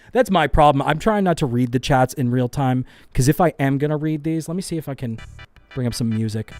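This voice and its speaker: A man's voice: medium pitch, darkish tone, no room sound. A man hosting a casual live stream at a studio microphone, reading chat aloud, rambling, swearing often and poking fun at himself. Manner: rambling, swears a lot, self-deprecating. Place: home studio with lights.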